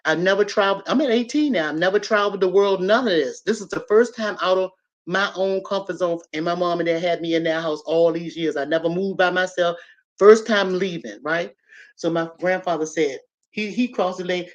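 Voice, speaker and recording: A woman in her fifties telling a personal story in a casual, animated way, talking straight to her listeners. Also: fairly low pitch, brisk. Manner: animated, chatty, addresses listeners directly. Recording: slightly dull lo-fi audio.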